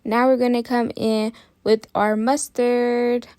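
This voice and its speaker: Woman, casual cooking tutorial, relaxed and chatty, dry close sound. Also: on the high side, takes it slowly, dry recording. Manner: chatty, relaxed, talks straight to viewers. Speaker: cooking channel host.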